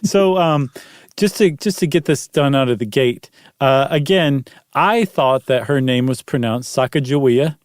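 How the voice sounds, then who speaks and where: A man's voice: mid-range voice, a little slow, no echo, clean studio sound. A man hosting a podcast in casual chat, explaining things at length and chuckling often. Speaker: podcast host.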